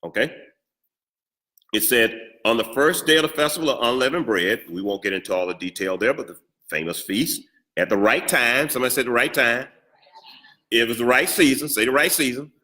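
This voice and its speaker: Bright-voiced preacher, playful call-and-response. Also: male voice, medium pitch, lively intonation, brisk. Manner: call-and-response preaching with humor and rhetorical questions. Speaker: pastor. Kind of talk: sermon.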